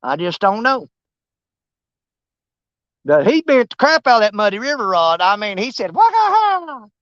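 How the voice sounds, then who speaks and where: Rambling man, lively pitch. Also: moderate pace, clear, resonant tone, no room sound, dull audio. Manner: rambling, teasing, talks to the fish. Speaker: fishing livestream host. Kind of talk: casual live-stream chat. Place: outdoors on a riverbank.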